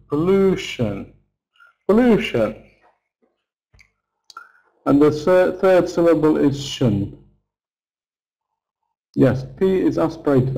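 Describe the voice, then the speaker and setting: A man's voice: a little high, creaky, warm tone, rough recording. A middle-aged man teaching English pronunciation in an online lesson, patiently stretching words out to model their sounds.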